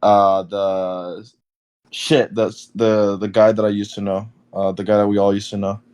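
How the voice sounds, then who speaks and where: A man's voice: fairly low pitch, little pitch movement, measured pace, darkish tone, clean tone. A young man hosting a casual podcast interview, rambling with many fillers and restarts. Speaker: podcast host.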